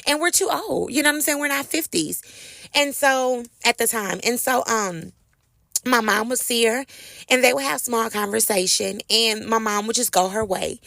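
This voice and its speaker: Chatty woman with a gravelly voice. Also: a little high, normal speed, pushed and bright, no echo, studio quality. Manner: chatty, addresses listeners as y'all. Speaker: host. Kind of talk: casual storytelling to viewers.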